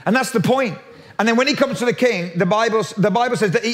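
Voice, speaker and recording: A man preaching a sermon in a lively, jokey way, often restarting his sentences. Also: high-pitched, brisk. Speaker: pastor.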